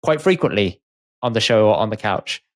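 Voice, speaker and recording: A man's voice: on the low side, animated, fairly quick. A man co-hosting a podcast, chatting casually and giving opinions, often acting out what others said. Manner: opinionated, chatty, acts out quotes. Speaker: podcast co-host. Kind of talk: casual chat.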